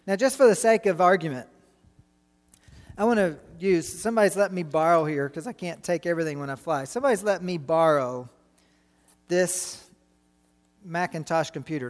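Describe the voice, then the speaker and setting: A middle-aged man preaching a sermon, animated and full of rhetorical questions to the congregation. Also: a little high, brisk, long reverb tail.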